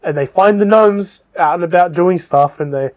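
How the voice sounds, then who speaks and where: A high-voiced man co-hosting a casual podcast recounts a book's plot at a moderate pace. His delivery is loose and rambling, heavy on ums and swearing.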